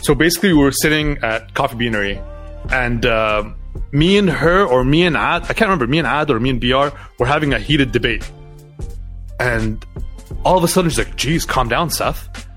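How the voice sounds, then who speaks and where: Animated male storyteller on a podcast. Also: medium pitch, a little fast, faint music behind. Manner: animated storyteller, acts out quoted voices. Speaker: podcast guest. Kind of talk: casual interview storytelling.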